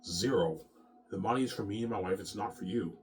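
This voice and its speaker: A man's voice: lowish voice, a little fast, a little hiss or hum. A man talking straight to his viewers in a rambling, repetitive rant, often swearing and circling back to the same points. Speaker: self-published author and vlogger.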